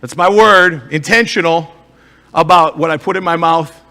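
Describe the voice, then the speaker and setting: This life coach and motivational speaker, who has an Upper Midwest American accent, addresses an audience live from a stage in a large hall. Speaking at a normal speed in a high, pushed, bright voice, he delivers emphatically and poses rhetorical questions to the crowd.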